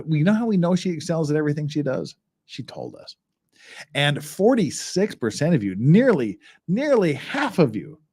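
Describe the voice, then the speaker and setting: A man's voice: mid-range voice, darkish tone. A man hosting a livestream, chatting casually and thinking aloud as he goes through documents. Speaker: livestream host.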